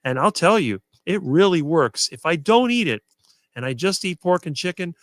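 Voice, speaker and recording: A middle-aged man talking casually as a guest and answering quickly with almost no fillers. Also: a little high, lively intonation, dry recording. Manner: fluent and quick, few fillers. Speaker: guest on a diet talk show. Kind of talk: casual conversation on a live stream.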